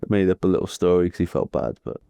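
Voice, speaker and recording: A man's voice: low voice, lively intonation, fast talker, vocal fry, warm tone, clear, resonant tone, dry recording. A Welsh man co-hosting a cycling podcast, telling stories in a laid-back, chatty way. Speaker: podcast co-host, pro cyclist. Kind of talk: casual podcast chat.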